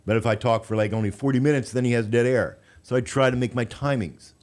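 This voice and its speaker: A man's voice: medium pitch, fast, darkish tone. A man hosting a radio talk show, chatty and coaching, who often trips over his words. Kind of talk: casual radio interview chat.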